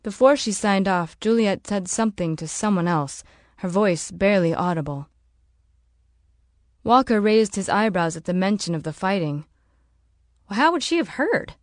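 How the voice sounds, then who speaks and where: Brief: woman audiobook narrator, mid pitch, measured, dry close recording. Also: no echo.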